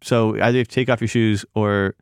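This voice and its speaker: A man's voice: fairly low pitch, fairly even intonation, fast talker, clean tone, no room sound, studio quality. A man, a magazine editor, telling a rambling story in casual podcast chat, full of fillers and restarts.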